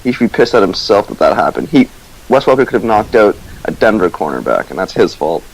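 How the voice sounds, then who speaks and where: A young man as a podcast guest, talking in a halting, casual way with restarts. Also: lowish voice, sing-song, husky, rough recording. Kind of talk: casual chat.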